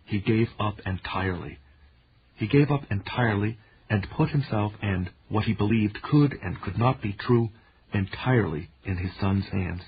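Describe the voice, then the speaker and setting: A man reading a novel aloud in an even, measured storytelling manner. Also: on the low side. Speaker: narrator. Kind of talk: audiobook narration. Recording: dull lo-fi recording with faint hiss.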